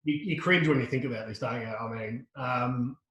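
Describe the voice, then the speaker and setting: A middle-aged Australian man, a podcast guest, tells a lively anecdote full of restarts and quoted dialogue. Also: medium pitch, normal speed, echoey room, highs cut off. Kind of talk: casual storytelling.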